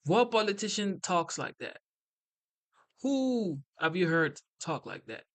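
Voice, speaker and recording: A young man streams a casual reaction with a slightly high voice. He sounds incredulous and keeps asking his viewers to answer in the chat. He talks loosely and conversationally throughout. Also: lively intonation, measured pace, a bit bright. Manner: incredulous, asks the chat questions.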